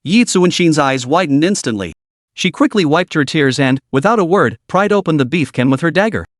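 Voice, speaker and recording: A man's voice: a little high, animated, moderate pace, no room sound, studio quality. A man narrating a comic recap with dramatic storytelling.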